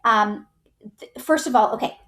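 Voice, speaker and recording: A woman's voice: on the high side, fairly bright tone. Chatty woman teaching history. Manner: chatty, full of "like" and "right?", acts out groups in quick voices. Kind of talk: casual history lecture.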